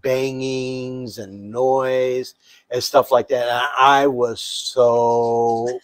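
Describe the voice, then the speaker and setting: A man co-hosting a casual chat, telling childhood stories and getting loud and animated as he goes. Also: extremely slow, no echo. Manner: animated, gets loud and high when excited. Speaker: podcast co-host.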